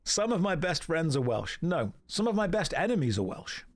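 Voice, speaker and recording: A man's voice: fairly high pitch, very animated, moderate pace. A man streaming a video game who gives sarcastic, joking commentary and answers his live chat.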